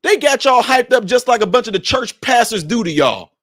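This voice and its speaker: A man's voice: very high-pitched, lively intonation, fairly quick, a bit bright, no echo, studio quality. A man from Chicago giving a heated political commentary, preachy and mocking, talking straight to his viewers.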